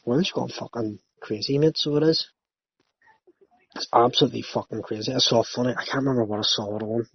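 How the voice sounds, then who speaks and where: A podcast host with a husky, medium-pitched voice talks fairly quickly, swearing and ranting as he banters casually with a friend. The recording is dry and slightly muffled, with a lo-fi quality.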